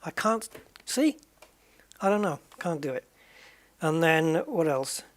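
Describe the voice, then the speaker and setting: A man's voice: fairly high pitch, big pitch swings, takes it slowly. A man hosting a gaming channel, chatting casually and rambling over a racing game, often trailing off and correcting himself. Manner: rambling, musing and self-correcting. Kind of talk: casual commentary while playing a racing game.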